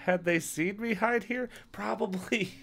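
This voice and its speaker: A man's voice: high voice, measured pace, vocal fry, fairly bright tone. A man hosting a podcast, reading a book aloud with joking asides and laughing through his reading. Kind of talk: comedic read-aloud with banter.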